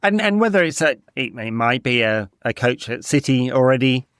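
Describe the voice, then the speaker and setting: Excitable man on a football podcast. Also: mid-range voice, normal speed, no room sound, clean studio sound. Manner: animated, talks in bursts with restarts and "right?". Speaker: podcast co-host. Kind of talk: casual football chat.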